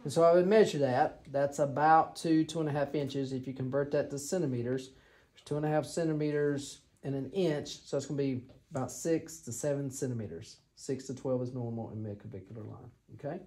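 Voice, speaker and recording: A woman's voice: very deep voice, fairly even intonation, a little fast, mellow. A woman, teaching a physical exam to a class and checking in with her students as she demonstrates. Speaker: clinical instructor.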